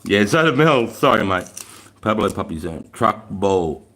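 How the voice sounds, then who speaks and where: A man's voice: lowish voice, big pitch swings, measured pace, a bit bright. Laid-back Australian man chatting on a livestream. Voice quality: laid-back, swears freely, lots of Aussie slang. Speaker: livestream host. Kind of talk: casual live chat reading comments.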